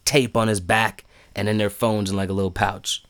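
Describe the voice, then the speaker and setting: A man co-hosting a casual chat, retelling what he watched with lively acted-out quotes and frequent laughter. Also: moderate pace, creaky. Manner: animated storyteller, acts out quotes with big pitch jumps and laughs.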